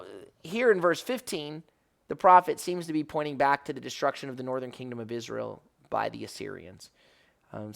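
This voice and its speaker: A man's voice: mid-range voice, creaky. A man as a rabbi giving an earnest devotional Bible teaching, rising to emphatic questions and often correcting himself mid-phrase.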